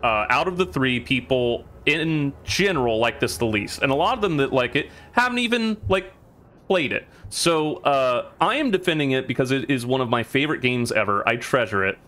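A man's voice: mid-range voice, lively intonation, normal speed, a bit bright. A man casually commenting as he plays a video game on stream, rambling and laughing often. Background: game music.

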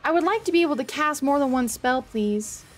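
A woman's voice: sits high, lively intonation, fairly quick, faint music behind. A woman streamer giving live gameplay commentary, exasperated, swearing and laughing often.

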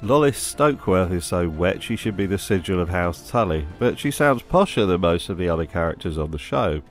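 A man's voice: low voice, animated, a little fast, soft background music. A man narrating a scripted commentary with dry, sarcastic humor. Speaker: video essay host.

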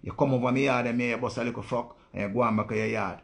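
A Jamaican live-stream host with a rough, gravelly voice delivers a loose, unscripted monologue to his viewers. Speaking rapid-fire in patois at a medium, steady pitch, he rants bluntly, swears freely and keeps circling back to his points.

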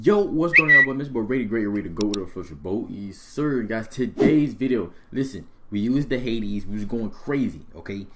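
A young man giving excited gameplay commentary as a gaming video host, loud and jumpy, repeating himself in bursts. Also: fairly low pitch, a little fast, few pauses, background noise. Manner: hyped, loud outbursts, repeats phrases, laughing. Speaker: gaming YouTuber. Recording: faint music and gunfire behind.

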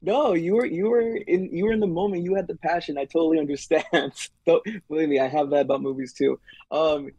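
Easygoing guy being interviewed, gravelly low voice, kinda husky. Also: fairly even intonation, a little fast, warm tone, no room sound. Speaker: guest card artist. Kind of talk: casual interview chat.

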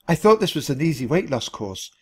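Man voicing a chubby, friendly male mouse salesman, gentle and kind, close to the reader's own voice. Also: a little high, sing-song, brisk, breathy edge.

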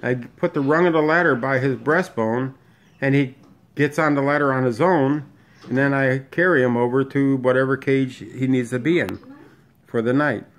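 A man casually narrating a home video about his pet parakeets. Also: moderate pace. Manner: talks to the bird in a high coaxing sing-song. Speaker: pet bird owner filming his parakeets. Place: room at home with birds.

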